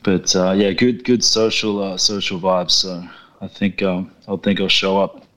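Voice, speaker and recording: Male guest on a call-in, relaxed, lowish voice. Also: unhurried. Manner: easygoing, laughs, says mate often. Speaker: guest calling in. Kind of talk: casual chat on a call.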